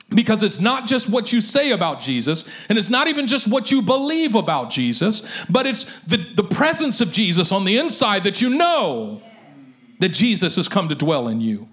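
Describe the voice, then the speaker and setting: High-voiced preaching man. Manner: animated preaching with vivid stories. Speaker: pastor. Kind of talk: sermon.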